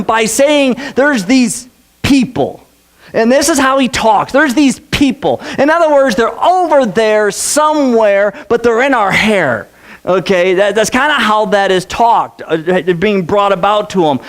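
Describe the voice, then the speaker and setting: A man preaching a sermon in a church, talking conversationally, repeating phrases and checking in with the congregation. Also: very high voice. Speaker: pastor. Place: church sanctuary.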